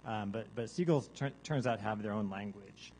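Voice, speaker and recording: A man giving a deadpan mock science lecture to a live audience, now and then breaking into loud seagull caws and zombie groans. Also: lowish voice, normal speed, slight background noise, low-quality recording. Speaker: guest artist presenting research. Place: large hall with a live audience.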